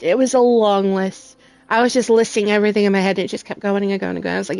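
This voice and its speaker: A woman's voice: mid-range voice, steady tone, quick pace, gravelly, no room sound. Heartfelt rambling woman gamer. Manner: emotional, heartfelt, rambling with many fillers. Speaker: gaming streamer. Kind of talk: casual chat while playing. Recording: faint music in background.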